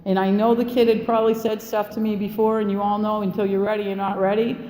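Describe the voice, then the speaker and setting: A woman's voice: mid-range voice, flat delivery, fast talker, warm tone. Candid New woman in an echoey hall. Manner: candid, blunt and profane, laughing between lines. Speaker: recovery meeting speaker. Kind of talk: personal story told to a live audience. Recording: echoey hall with long reverb, faint room hum.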